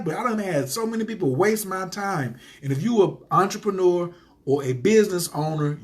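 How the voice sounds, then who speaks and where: A man hosting a motivational livestream for entrepreneurs, telling a story with energy, acting out the people he quotes, and greeting viewers by name. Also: high-pitched. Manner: animated storyteller who acts out quoted voices.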